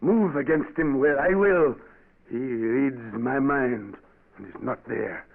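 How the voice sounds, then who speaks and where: A domineering island governor, 1940s radio. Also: male voice, medium pitch, slow pace, creaky. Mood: boastful. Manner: commanding, impatient, mixes in French words. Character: ruthless male Haitian governor, former rebel chief. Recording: tinny old radio broadcast.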